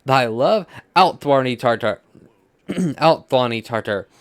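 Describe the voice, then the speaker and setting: Dude reading as a scornful young guy, loud and stumbly, dry mic. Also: mid-range voice, moderate pace, dry recording, close to an everyday voice. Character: young man, scornful and quarrelsome lover.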